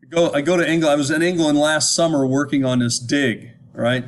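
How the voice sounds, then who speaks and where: Speaking a bit fast with fairly even intonation, this American man's voice sits on the high side. His lecture is casual and chatty, full of restarts and repeated checks on whether the audience is following.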